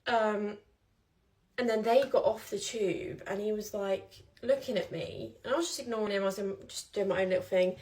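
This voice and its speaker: A woman's voice: medium pitch, normal speed, darkish tone. A young woman telling a personal story in a casual vlog, chatty and rambling with many fillers.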